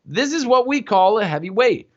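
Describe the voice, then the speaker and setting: Animated male voice teacher, lo-fi audio. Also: high voice, normal speed. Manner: explains with many fillers, asks "yeah?" and "right?". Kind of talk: casual teaching livestream. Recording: dull lo-fi livestream audio.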